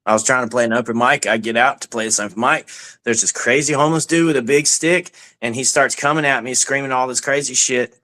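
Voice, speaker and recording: A man's voice: mid-range voice, quick pace, bright, forceful tone. A man telling street stories in casual chat, swaggering and profane. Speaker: street banjo busker.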